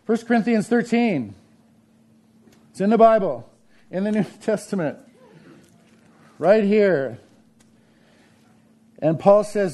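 Mellow-voiced preacher man. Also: high voice, lively intonation, slow pace, long pauses. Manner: conversational preaching, swells to emphatic peaks. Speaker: pastor. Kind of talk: sermon. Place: church sanctuary.

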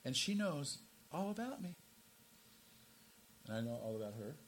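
A man in his sixties preaching a sermon as pastor, swinging from emphatic, raised stresses down to low, quiet asides. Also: sing-song, moderate pace, a little hiss or hum. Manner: emphatic, rises to forceful stresses then drops low and quiet.

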